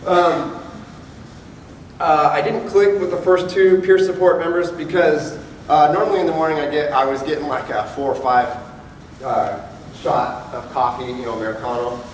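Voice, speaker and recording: A man's voice: a little high, steady tone, normal speed, a little hiss or hum. A man, a police officer, telling his own story candidly to an audience and acting out the people he quotes. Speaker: police officer giving a talk. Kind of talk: personal testimony to an audience. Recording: echoey hall, speaker far from mic, faint ambience.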